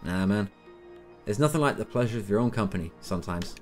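A man's voice: fairly low pitch, expressive, fast, a little mellow, soft background music, lightly acted. A man doing a laid-back mechanic with a fake American drawl. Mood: relaxed. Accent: put-on American. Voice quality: casual drawl, calls everyone man. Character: laid-back male small-town mechanic, friendly.

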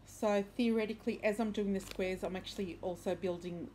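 A woman at a middle pitch chats about her crochet projects in a rambling, upbeat way, full of fillers and quick self-corrections. She sounds casual and enthusiastic, with a faint hiss of background noise behind her. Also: fairly even intonation, mellow. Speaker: crochet and knitting podcast host. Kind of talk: casual show-and-tell chat. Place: indoors at home, bedroom.

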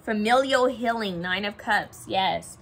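A woman's voice: medium pitch, unhurried, fairly bright tone, a little hiss or hum. A young woman giving a casual pick-a-card tarot reading, chatting and thinking aloud as she pulls cards.

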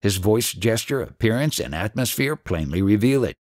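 A man narrating an audiobook in a measured, deliberate reading. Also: on the low side, animated, darkish tone, no echo, clean studio sound.

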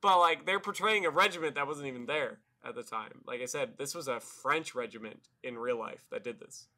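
Blunt, profane man with a bright voice. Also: medium pitch, fairly quick. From Canada. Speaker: guest, Canadian war veteran. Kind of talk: casual podcast chat.

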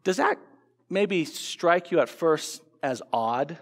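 A man's voice: on the high side, lively intonation, takes it slowly, breathy edge, in a large hall. An American man preaching a sermon, earnest, asking rhetorical questions and restarting phrases as he goes. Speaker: pastor. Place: church sanctuary.

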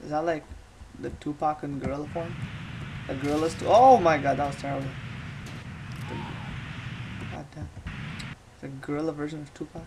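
A woman commenting on her gameplay in a joking manner, with loud exclamations. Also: low voice, level tone, normal speed, pauses often, noisy background. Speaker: let's play commentator.

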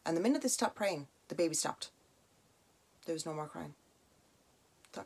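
A young Irish woman hosting a podcast, telling a story in a chatty, animated way full of "like" and "now" asides. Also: low-pitched, moderate pace, gravelly, pauses often, slight background noise. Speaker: podcast host. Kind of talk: casual spoken storytelling.

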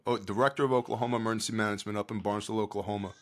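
Talking rapid-fire in a fairly low voice, an American disaster relief leader tells stories as a podcast guest in casual chat. He's an animated storyteller, acting out people's words and shifting from loud to hushed.

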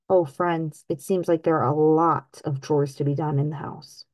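A woman reading a picture book aloud to young children, teacherly and engaging. She pauses often to ask the kids questions about the story. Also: low voice, steady tone, darkish tone, low-quality recording. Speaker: children's story reader, channel host.

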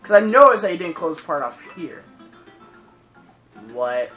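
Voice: mid-range voice, sing-song, a little slow, a bit bright, soft background music, poor audio. A teenager hosting a let's play, commentating while playing and breaking into frustrated, swearing rants. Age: teens. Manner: swearing, ranting frustrated outbursts. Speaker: gaming channel host.

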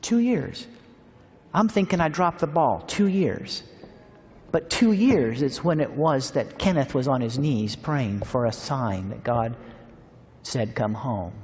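A man's voice: mid-range voice, unhurried. Man preaching a story in a reverberant hall. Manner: animated storytelling that acts out dialogue. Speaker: seminar preacher. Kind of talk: storytelling sermon.

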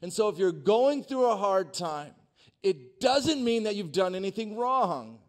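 A man in his forties preaching in a church, telling a personal story with humor and swinging from hushed, quiet passages to loud, energetic ones. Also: high voice, a little slow. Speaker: pastor.

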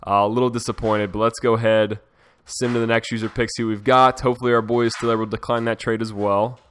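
A young man giving casual commentary over a hockey management game, talking to his viewers and swearing freely when excited. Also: fairly low pitch, fast, a little hiss or hum. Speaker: gaming YouTuber. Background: dog heard in cage.

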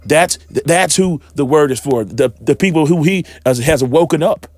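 A man's voice: a little high, moderate pace, dry recording. A man preaching a fired-up sermon on his channel, emphatic and repetitive, with sudden profane outbursts. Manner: excited, emphatic, repeats himself.

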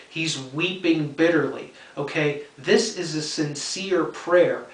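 A man's voice: fairly high pitch, slow pace, hardly any pauses, recorded from a distance. Earnest male Bible teacher, roomy. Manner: earnest, checks in with repeated "okay?"; repeats key points for emphasis. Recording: roomy sound from off-mic.

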